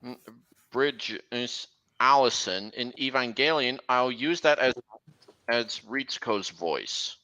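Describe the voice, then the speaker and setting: Slow, halting young man, bright tone. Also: medium pitch, rough recording. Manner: halting, with frequent restarts. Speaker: livestream host. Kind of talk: casual stream chat.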